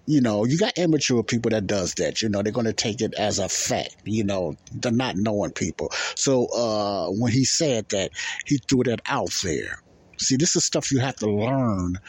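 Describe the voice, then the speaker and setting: A man's voice: medium pitch, husky, no echo. A middle-aged man hosting a podcast, talking loosely and repeating himself as he comments on video clips. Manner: loose, repetitive, keeps asking if you understand. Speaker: podcast host.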